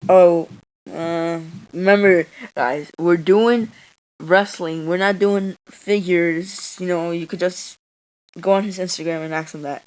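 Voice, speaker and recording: A woman hosting a laid-back podcast chat, her voice sitting a bit low for a woman. She rambles and hesitates, leaning on ums and restarts between thoughts. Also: fairly even intonation, measured pace, a little mellow, poor audio. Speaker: podcast host.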